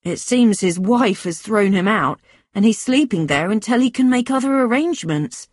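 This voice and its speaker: A woman voicing a gentle, concerned man. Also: mid-range voice, lively intonation, moderate pace, slightly rough, no room sound, clean studio sound, voice pushed up.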